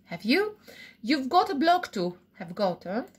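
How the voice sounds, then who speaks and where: A woman walks through English grammar, her fairly high voice rising and falling in a lively way. She explains slowly and repeats each example, often checking in with an "okay?". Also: slightly rough. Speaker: English teacher. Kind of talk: recorded grammar lesson.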